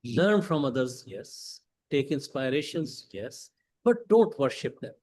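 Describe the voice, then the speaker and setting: A man with a Pakistani English accent giving a prepared motivational speech at a club meeting, emphatic, with dramatic pauses and rhetorical questions. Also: medium pitch, big pitch swings, a little mellow, husky, poor audio. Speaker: club speaker. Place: meeting hall.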